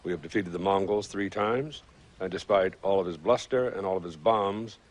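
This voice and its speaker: An actor playing a proud, scornful older revolutionary leader in a film clip, speaking in a measured way. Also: male voice, sits low. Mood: defiant.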